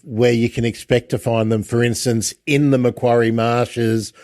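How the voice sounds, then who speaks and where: A man hosting a casual interview, chatty, with lots of halting restarts. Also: mid-range voice, little pitch movement, a little mellow, dry recording. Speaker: podcast host.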